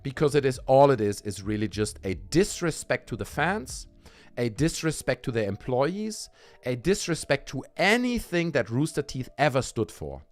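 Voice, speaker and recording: A man's voice: big pitch swings, normal speed, faint music behind. Angry, swearing male streamer. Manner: sarcastic, profane, frequently dropping into low mutters. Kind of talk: angry livestream rant.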